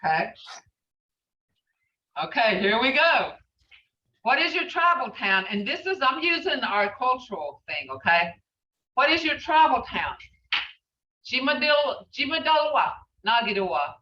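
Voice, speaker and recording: A woman's voice: high voice, big pitch swings, unhurried, long pauses, sharp tone, distant mic, a little hiss or hum. A woman teaching a language class, patiently repeating phrases as she explains them. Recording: muffled, roomy, from off mic.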